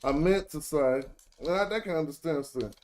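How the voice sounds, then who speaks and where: A man's voice: fairly high pitch, moderate pace, a little mellow. Rambling, slangy man tutorial host. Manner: loose, rambling, corrects himself mid-sentence; slangy, chatty address to viewers. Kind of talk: casual screen-share tutorial.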